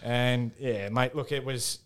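A man's voice: medium pitch, steady tone, takes it slowly, a crowd in the background. An Australian man in his thirties, a former footballer as podcast guest, telling candid stories with swearing. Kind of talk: casual podcast chat.

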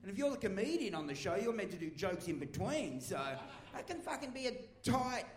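A middle-aged comedian chatting on stage, blunt and swearing, chiming in with dry remarks. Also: male voice, high-pitched, very animated, brisk. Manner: blunt, swearing, laughing interjections. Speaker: comedian guest. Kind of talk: live comedic chat. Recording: echoey live theater stage.

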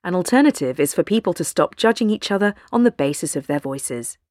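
Woman reading a measured news script. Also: lowish voice, expressive, a little mellow, no echo, clean studio sound. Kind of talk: scripted narration.

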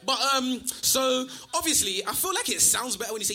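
A man's voice: high-pitched, big pitch swings, quick pace, few pauses, bright, forceful tone, soft background music. A man, a spoken word performer chatting in a rambling, filler-heavy way to a live crowd at a venue with a band. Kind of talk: live stage patter with a crowd.

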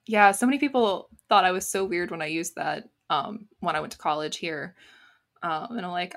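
An American woman talking as a guest on a podcast, bubbly and quick to laugh. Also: on the low side, vocal fry, fairly bright tone. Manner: bubbly, laughs often, many fillers. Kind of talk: casual interview chat.

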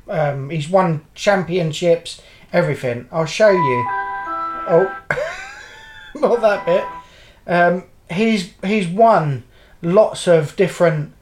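A middle-aged man, co-hosting a casual podcast chat and rambling through anecdotes while swearing freely. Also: a little high. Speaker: podcast co-host.

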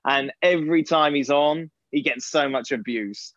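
A man's voice: a little high, normal speed, fairly bright tone, dry recording, dull audio. A man, a podcast guest chatting casually and laughing often as he teases. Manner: laughs often, teasing and easygoing. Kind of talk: casual chat.

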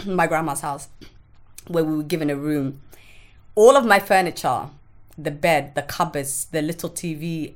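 A woman guest on a podcast telling her own story in a frank, emotional way, swearing freely and often stopping to restart her sentences. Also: deep voice. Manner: halting, with restarts. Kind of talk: candid personal storytelling.

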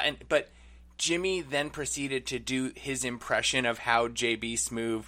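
A man co-hosting a podcast, chatting casually and recapping an episode with quick asides and bursts of laughter. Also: medium pitch, steady tone, sharp tone. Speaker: podcast co-host.

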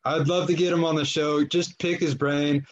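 A man hosting a podcast, laid-back and slow-talking, who swears casually. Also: fairly high pitch, flat delivery, highs cut off. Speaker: podcast host. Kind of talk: casual crude chat.

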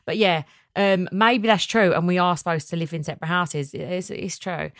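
A woman's voice: on the low side, normal speed, dry recording, clean studio sound. A woman hosting a casual podcast, chatting animatedly and reading out listener messages. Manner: chatty, animated, laughs often. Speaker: podcast host.

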